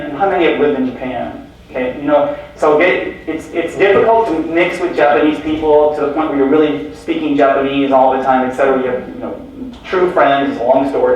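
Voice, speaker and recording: A man giving a conference keynote as stories, joking and quizzing the audience with questions. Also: a little high. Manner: animated, jokey, addresses audience with questions. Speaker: keynote speaker. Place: large lecture hall. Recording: very echoey hall from far off.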